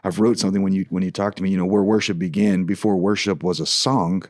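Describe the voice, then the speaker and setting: A man's voice: deep voice, fast talker, no room sound, clean studio sound. A middle-aged man, a worship leader, telling a story in a casual podcast conversation, acting out the dialogue as he goes. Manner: animated storyteller, acts out dialogue, frequent restarts.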